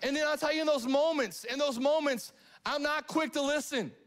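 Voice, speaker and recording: Middle-aged male pastor with a high-pitched voice, preaching live with animated call-and-response energy. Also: normal speed. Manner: animated, asks the congregation questions. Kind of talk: live sermon. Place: church sanctuary.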